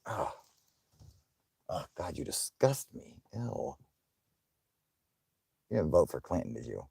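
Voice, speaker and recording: A man's voice: a bass voice, big pitch swings, slow, vocal fry, warm tone, breathy edge, no room sound, studio quality. A man hosting a live stream, chatting casually with viewers in a profane, rambling way and laughing often.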